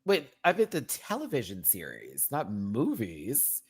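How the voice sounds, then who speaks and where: A woman's voice: rumbling low, wildly swooping pitch, unhurried, a little mellow, husky. A woman hosting a casual chat, talking animatedly and laughing often as she acts out scenes. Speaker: host. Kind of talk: casual chat about a TV show.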